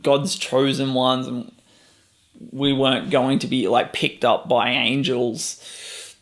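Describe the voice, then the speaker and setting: A reflective man speaks slowly in a documentary interview. His pitch sits in an ordinary middle range. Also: little pitch movement, a bit bright. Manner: reflective, unhurried.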